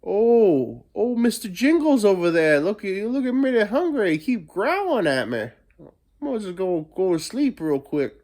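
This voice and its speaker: A man's voice: very animated, moderate pace, darkish tone. A man voicing a nervous man who keeps watch on a hungry pet wolf. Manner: jittery, higher-pitched, worried.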